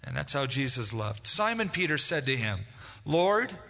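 A man's voice: medium pitch, sing-song, normal speed, gravelly, bright, forceful tone. A man preaching a conversational sermon as pastor, acting out quoted dialogue. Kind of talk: expository sermon. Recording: long hall reverb.

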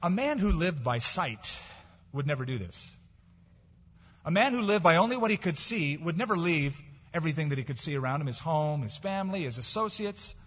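A middle-aged man preaching a sermon as pastor, emphatic, swinging between raised declarations and quiet asides. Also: fairly high pitch, sing-song, moderate pace, breathy edge. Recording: dull lo-fi recording in a reverberant hall.

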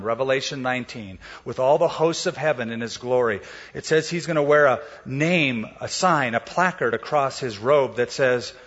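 A man's voice: medium pitch, fairly bright tone, husky, big-room sound, dull audio. A man preaching a sermon, explaining scripture in a casual storytelling way and acting out the quotes. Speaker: pastor.

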